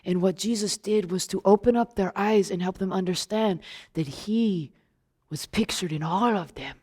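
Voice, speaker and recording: A woman playing the apostle John as a young male disciple, telling his story in an animated first-person monologue straight to the audience. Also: medium pitch, normal speed, husky, natural voice. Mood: excited.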